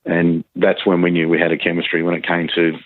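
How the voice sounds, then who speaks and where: Deep-voiced man on a tinny line. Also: monotone, dry recording. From Australia. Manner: halting, many restarts and fillers. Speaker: guitarist guest. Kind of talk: casual interview chat.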